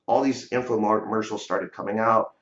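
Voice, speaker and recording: A man's voice: fairly low pitch, steady tone, moderate pace, a bit bright. A man telling a story in a casual interview, talking conversationally and often adding "you know" and "right?". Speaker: real estate investor guest. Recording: dull lo-fi audio in a roomy space.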